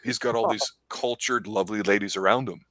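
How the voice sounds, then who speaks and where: A man with a low voice and a bright, forceful tone, reviewing films in casual chat. He rambles with enthusiasm and slips into quick impressions, recorded dry and close to the mic. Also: wildly swooping pitch, creaky, no room sound. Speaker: movie review show co-host.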